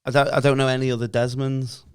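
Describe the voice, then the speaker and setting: A man's voice: mid-range voice, little pitch movement, fast, clean tone. A young man co-hosting a podcast, chatting casually and wandering off on playful tangents. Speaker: podcast co-host. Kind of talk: casual banter among friends.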